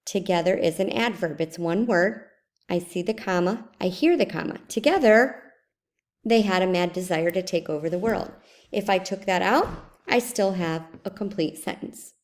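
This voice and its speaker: Brief: female teacher, slightly low voice, methodical screencast lesson, reads examples aloud. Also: moderate pace, a little mellow. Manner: explains step by step, repeating example sentences aloud.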